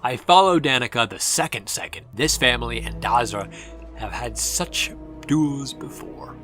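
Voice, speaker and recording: A man's voice: medium pitch, animated, a little slow, sharp tone. Sarcastic man reviewing a game over music. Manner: sarcastic, exasperated ranting. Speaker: gaming video reviewer.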